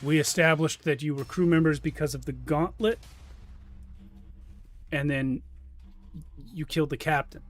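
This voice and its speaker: A man's voice: a little high, measured pace, pauses often, soft background music. A man narrating a tabletop game as game master, with loose, rambling delivery.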